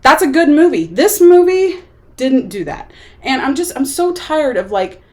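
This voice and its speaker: A woman talks through a film she disliked in a casual, exasperated rant. Her voice sits high and leaps around with lively swings. She slips into mocking voices when she quotes people. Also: measured pace. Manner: animated, exasperated, acts out quotes. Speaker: movie reviewer.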